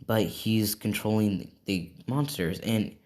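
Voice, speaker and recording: A man's voice: on the low side, slow pace, darkish tone. A man improvising a fan story aloud, rambling and adding "right?" after many lines. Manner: rambling, full of fillers and "right?".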